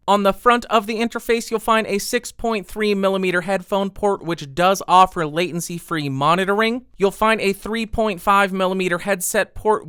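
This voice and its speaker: A man walking through the features of an audio interface and its software in a matter-of-fact way. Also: high-pitched, no echo, clean studio sound. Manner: clear, matter-of-fact explaining. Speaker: gear reviewer. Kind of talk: product walkthrough.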